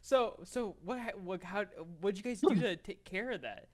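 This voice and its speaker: A young man co-hosting a podcast, talking in a casual chat, halting and repeating words as he asks questions. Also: high-pitched, a crowd in the background. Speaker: podcast co-host.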